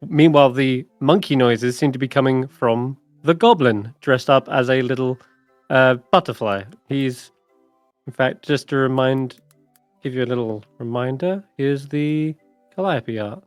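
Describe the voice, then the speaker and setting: A man narrating as dungeon master in a tabletop game, chatty and animated. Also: medium pitch, unhurried, no echo, faint music behind.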